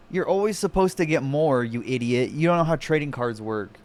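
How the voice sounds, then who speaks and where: A man's voice: fairly high pitch, expressive, a little fast, few pauses. A man streaming, reacting with sarcastic, profanity-laden mockery in casual commentary. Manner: profane, mocking, sarcastic rants.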